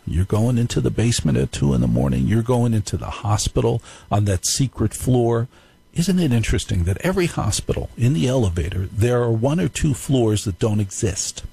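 A man's voice: medium pitch, vocal fry, dark tone, husky, no echo, low-quality recording. A man hosting a live call-in radio show, telling stories in a playful, joking way. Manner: playful, jokey storytelling. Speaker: radio talk show host.

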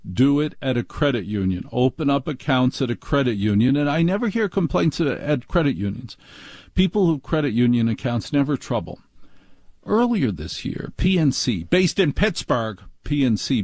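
A middle-aged man hosting a talk show, ranting in an exasperated, mocking way and mimicking staff in a high voice. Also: darkish tone, no room sound, studio quality. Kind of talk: ranting monologue.

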